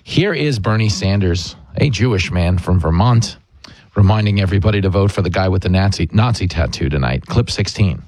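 A man's voice: low voice, animated, fairly quick, darkish tone, no room sound. A man hosting a talk radio show, chatting in a sarcastic, mocking way. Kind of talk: opinionated talk radio chat.

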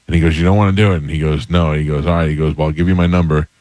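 A man's voice: extremely low pitch, steady tone, very fast, darkish tone, no room sound. A man hosting a radio talk show, telling stories and acting out the dialogue in casual chat. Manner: storyteller acting out quoted dialogue.

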